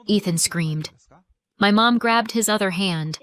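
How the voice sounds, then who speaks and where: A woman narrating a scripted first-person family drama story in a measured, dramatic way. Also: mid-range voice, fairly bright tone.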